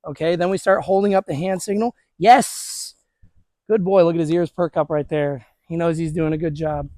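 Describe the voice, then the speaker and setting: A man with a notably high voice works with a dog in a hands-on training demonstration, talking viewers through it in a casual, encouraging way. His tone is steady and warm, and he speaks a little fast. He's recorded outdoors, dry and close, without room echo.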